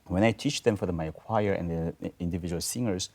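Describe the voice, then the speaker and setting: A man speaking on a diction panel in a studio, halting and searching for words as he demonstrates syllables aloud. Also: deep voice, a little mellow. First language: Korean. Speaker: roundtable panelist, choir teacher. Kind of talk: explaining diction at a panel discussion. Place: video studio.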